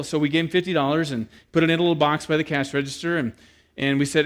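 A man preaching a sermon, telling a story with lively acted-out quotes and then speaking quietly and earnestly to the congregation. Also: fairly high pitch, rapid-fire, hardly any pauses. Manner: animated storyteller who acts out quoted voices, then turns quiet and earnest. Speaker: pastor.

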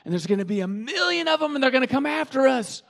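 A man doing a frantic high-pitched sidekick. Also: sing-song, quick pace, creaky, full character voice. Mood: alarmed. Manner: frantic, shouting warnings. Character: panicky male comedic sidekick in space.

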